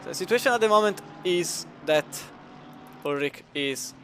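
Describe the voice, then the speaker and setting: Italian-accented sim racing commentator. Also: male voice, high-pitched, lively intonation, moderate pace, fairly bright tone, a little hiss or hum. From Italy. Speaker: race commentator.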